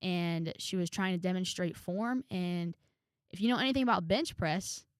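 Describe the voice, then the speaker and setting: A woman's voice: fairly low pitch, normal speed, clean tone, no echo, studio quality. A young woman vlogger telling a story in a frank, chatty way, with sighs and trailing asides. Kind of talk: casual storytelling to camera.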